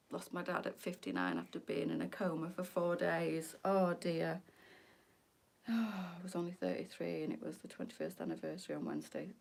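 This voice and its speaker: A woman's voice: on the low side, creaky, a little mellow, distant mic. A middle-aged woman hosting a live boutique sales stream, chatty and emotional, close to tears as she talks to viewers. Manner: emotional, tearful, chatty, addresses viewers as girls. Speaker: live-selling boutique host. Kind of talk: live shopping stream chat.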